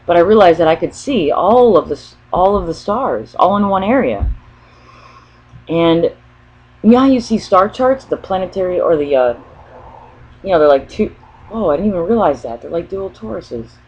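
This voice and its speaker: A woman's voice: fairly low pitch, animated, moderate pace, a little mellow, breathy edge. A woman vlogging in a casual spoken monologue, rambling as she thinks aloud and often restarting mid-sentence. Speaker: spiritual vlogger. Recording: dull lo-fi recording.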